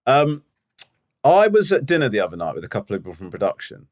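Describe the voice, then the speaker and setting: A man's voice: mid-range voice, sing-song, fast talker. A young man co-hosting a podcast in casual chat, sardonic and mock-disgusted, with a lot of swearing. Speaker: podcast co-host.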